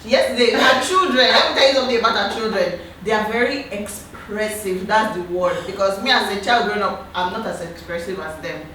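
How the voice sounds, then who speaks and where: A woman with a Nigerian accent hosting a casual chat, chatty and quick to chime in. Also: mid-range voice, pushed and bright. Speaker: host. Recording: roomy echo, far from the mic, light noise.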